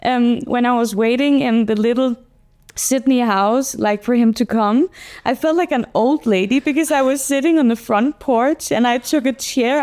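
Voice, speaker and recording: A woman's voice: fairly high pitch, darkish tone. A young adult woman from Denmark with a Danish accent, a musician talking candidly and reflectively in an interview, often searching for words. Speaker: musician, duo member. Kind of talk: casual interview chat.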